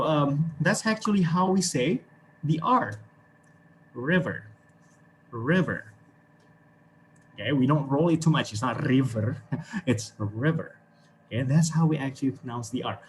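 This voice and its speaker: Indonesian-accented male teacher, mid-pitched, upbeat and encouraging, video call with faint hiss. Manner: encouraging, chuckles often, fills with "okay". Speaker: English teacher. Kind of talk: online class teaching.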